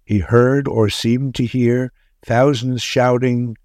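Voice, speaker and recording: A man reading a story aloud in a measured, solemn way. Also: medium pitch, little pitch movement, a little mellow, dry recording, studio quality. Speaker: narrator. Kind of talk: scripted story narration.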